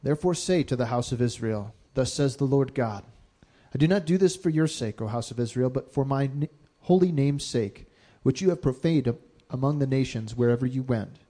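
Male scripture reader, dark mellow tone, steady measured delivery, Bible reading aloud. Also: mid-range voice.

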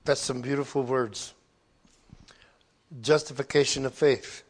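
A man's voice: mid-range voice, steady tone, measured pace. A man leading a sermon, who talks about the scripture readings in a conversational, earnest way and repeats words for emphasis. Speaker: preacher. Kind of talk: sermon commentary.

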